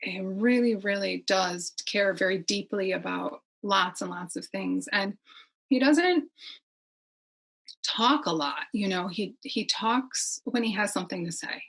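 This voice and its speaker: A middle-aged woman chatting as a podcast guest, rambling warmly and laughing often. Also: mid-range voice, a little slow, vocal fry, breathy edge, low-quality recording. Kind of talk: casual conversation.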